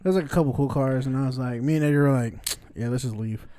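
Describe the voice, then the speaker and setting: A man's voice: mid-range voice, rapid-fire, warm tone, clean tone, dry recording. Young man, casual slangy storyteller, dry close sound. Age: 20s. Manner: laid-back storytelling, slangy, laughs often. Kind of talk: casual chat.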